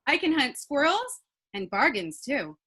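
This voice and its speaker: A young woman performing a stand-up comedy set with punchy, deadpan delivery, laughing at her own jokes. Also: sits high, measured pace, rough recording.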